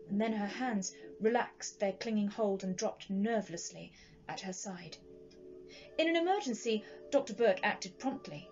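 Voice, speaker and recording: Woman storyteller, dramatic ghost-story reading, mid pitch, slightly dull recording. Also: darkish tone. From Sheffield, England. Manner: measured, dramatic narration.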